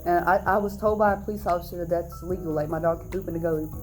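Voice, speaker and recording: A young adult woman vlogger telling a storytime in an animated, indignant way. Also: lowish voice, racing, soft background music. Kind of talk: storytime vlog.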